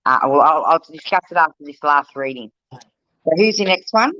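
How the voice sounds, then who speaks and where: A woman hosts a live online psychic show in a chatty, relaxed way. Her voice is bright and forceful. It sounds dry and a little dull, like close live stream audio. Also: low-pitched, normal speed, no room sound. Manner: chatty, relaxed, running the segment.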